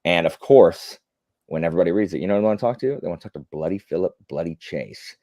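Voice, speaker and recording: A man with a very low voice hosts a casual live stream from home, reading viewer comments aloud as he goes. His talk rambles, full of fillers and restarts, with blunt opinions dropped in. The sound is close and dry, with no room around it. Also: expressive, quick pace, warm tone, no room sound. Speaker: livestream host.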